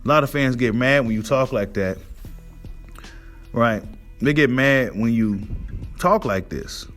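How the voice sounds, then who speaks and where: A man's voice: medium pitch, measured pace, fairly bright tone, faint music behind. A man hosting a boxing monologue, ranting in a heated, profane way and asking his audience "right?" again and again. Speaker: boxing commentary host. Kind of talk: casual rant monologue.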